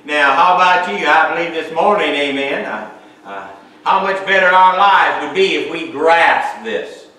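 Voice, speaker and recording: A pastor preaching in a church sanctuary, his bright, forceful voice bouncing off the walls. He is recorded from some distance, so the room's echo is strong around every phrase. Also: fairly high pitch, a little slow. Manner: reads scripture aloud, then preaches with frequent amens and hallelujahs. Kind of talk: sermon. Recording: echoey church hall, mic far off.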